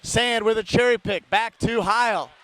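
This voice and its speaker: Male play-by-play hockey announcer, very high voice, rapid name calls, chatty asides to listeners. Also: fairly even intonation, dry recording. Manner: rapid-fire calls of player names, rising to shouts on big plays. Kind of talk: live play-by-play commentary.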